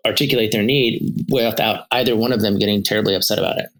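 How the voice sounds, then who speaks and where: A man's voice: on the low side, fairly even intonation, fast talker, a bit bright, poor audio. A man who is a therapist and podcast co-host, telling stories in a casual, rambling way, with lots of restarts. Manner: storytelling, many restarts and fillers.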